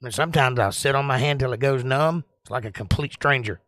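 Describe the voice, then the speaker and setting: Southern host, loose rambling chat, dry close mic, average pitch. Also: male voice, a little fast, fairly bright tone, no echo. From Georgia, US. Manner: rambling, joking, drawling. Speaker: livestream host. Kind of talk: casual live-stream chat reading comments.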